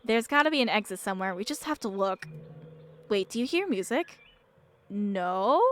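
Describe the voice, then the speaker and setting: A young woman streaming, reading a visual novel aloud and reacting with excited laughs and exclamations. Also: a little high, normal speed, a little hiss or hum.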